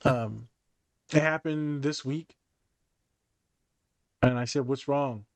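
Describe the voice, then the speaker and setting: Animated male podcast host, dry sound. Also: medium pitch, takes it slowly, dry recording. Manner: animated storyteller who acts out quoted dialogue. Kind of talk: casual podcast chat.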